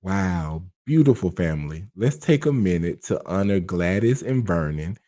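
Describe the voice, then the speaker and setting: A man's voice: low voice, expressive, moderate pace, dark tone. A man hosting a reaction video, exclaiming at what he watches and talking straight to his viewers. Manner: exclaiming, talks to viewers directly. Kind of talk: casual reaction commentary.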